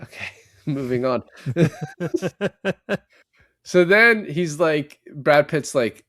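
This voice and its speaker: A man's voice: mid-range voice, a little slow, no echo, studio quality. Swearing man recapping a movie. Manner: animated retelling, swears a lot, acts out lines. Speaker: podcast co-host. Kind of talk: casual movie recap chat.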